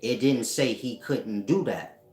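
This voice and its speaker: A man giving a casual spiritual teaching at home, talking slowly and often checking that listeners follow him. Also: mid-range voice, darkish tone, a little hiss or hum. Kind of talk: casual esoteric teaching monologue. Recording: echoey room.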